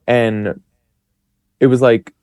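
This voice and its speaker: A man's voice: medium pitch, little pitch movement, drawn-out words, a little mellow, clear, resonant tone, no echo, studio quality. Chatty young man telling stories. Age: 20s. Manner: chatty, rambling with many fillers and quoted self-talk. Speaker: podcast guest. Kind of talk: casual storytelling.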